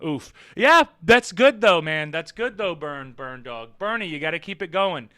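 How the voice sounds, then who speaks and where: Man, high and bright voice, loose profane streamer chatter, teasing the chat, dry close mic. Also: lively intonation, measured pace, clear, resonant tone, dry recording. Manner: rambling, profane, teasing, laughs often. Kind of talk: casual live-stream chat.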